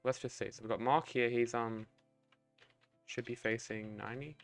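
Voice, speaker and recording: Young male game streamer, casual and mumbly, mid-range voice, soft music underneath. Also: mid-range voice, moderate pace. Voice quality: relaxed, mumbly, trailing off, casual swearing. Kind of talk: casual thinking-aloud while building.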